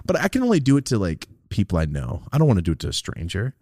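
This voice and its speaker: Profane, animated podcast host. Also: male voice, quick pace, no room sound, studio quality. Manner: profane, animated storytelling with sudden loud high-pitched quoted outbursts. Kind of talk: casual podcast chat.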